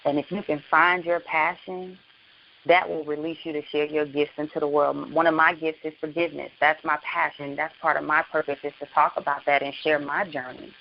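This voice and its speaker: A woman's voice: sits low, flat delivery, fairly quick, creaky. A woman author being interviewed as a guest on an internet radio show, speaking earnestly and passionately. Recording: muffled lo-fi with faint hiss.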